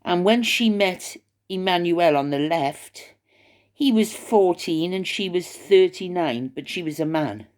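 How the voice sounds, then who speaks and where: Older woman YouTuber, gossipy rambling talk to camera, voice sits a touch low. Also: expressive, measured pace, a little mellow. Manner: rambling, gossipy, hesitant with fillers. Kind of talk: casual chat to camera. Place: retirement home, indoors.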